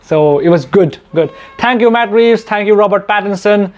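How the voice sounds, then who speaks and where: A man's voice: high voice, normal speed, a little mellow, highs cut off. A young man from India hosting a casual Q&A for his channel, chatty and self-mocking, laughing often. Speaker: YouTube channel host. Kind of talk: casual Q&A chat.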